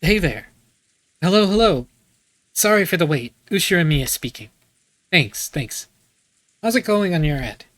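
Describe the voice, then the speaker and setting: A man's voice: on the high side, big pitch swings, unhurried, long pauses, fairly bright tone, dry recording. A man reading the lines of a confident businessman on the phone in a game, with a breezy, easygoing delivery. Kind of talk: reading game dialogue aloud.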